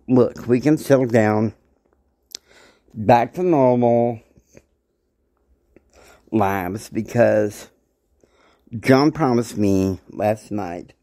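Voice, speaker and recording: Man reading a hopeful middle-aged wife, soothing, slow and mellow. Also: mid-range voice, dry recording, studio quality.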